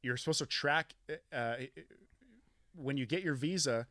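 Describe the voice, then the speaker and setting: A man's voice: medium pitch, normal speed, pushed and bright, no room sound, studio quality. A young man from Canada, a podcast guest, telling a rambling, profane story with lots of restarts. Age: young adult. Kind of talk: casual chat, storytelling. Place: basement studio.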